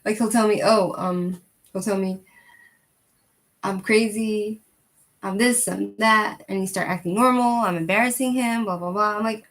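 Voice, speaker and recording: A woman's voice: mid-range voice, moderate pace. A woman in her thirties telling a personal story in casual chat, rambling with fillers and breaking into laughs. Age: 30s. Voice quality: rambling, animated, frequent fillers. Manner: laughs between sentences. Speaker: channel host.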